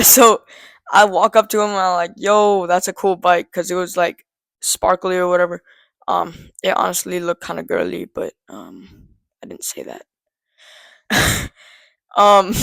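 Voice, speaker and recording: A man's voice: high-pitched, a bit bright, clear, resonant tone, dry recording. A teenage boy casually telling a story to the camera, rambling with lots of "um" and "like" and laughing at himself. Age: teens.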